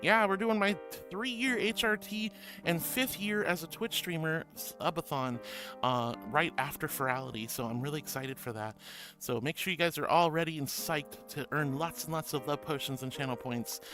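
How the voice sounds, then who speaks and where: A woman's voice: sits low, moderate pace. A woman VTuber streamer chatting casually and affectionately with viewers, bubbly and self-deprecating, with a stuffy nose from allergies. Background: background music.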